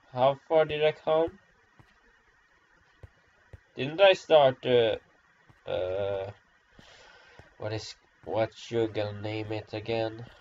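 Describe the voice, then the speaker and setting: A man's voice: lowish voice, darkish tone. A man rambling through gameplay commentary, self-deprecating and sarcastic, in a dull lo-fi recording. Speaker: gamer.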